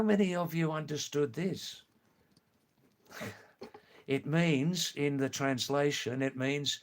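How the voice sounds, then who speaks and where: A man with an Australian accent chatting on a live stream, reading viewer comments slowly and clearly with frequent chuckles. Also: on the high side, steady tone.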